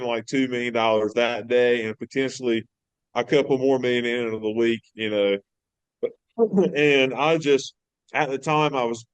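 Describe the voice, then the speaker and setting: A man's voice: mid-range voice, clean tone, no room sound, low-quality recording. A man, a fishing captain guesting on a podcast, telling stories in a rambling, emphatic way with lots of fillers. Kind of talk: casual storytelling interview. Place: podcast studio.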